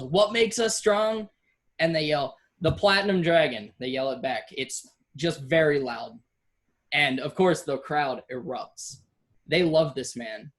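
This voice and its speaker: A game master narrating a tabletop game, unhurried, with many ums and restarts. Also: mid-range voice.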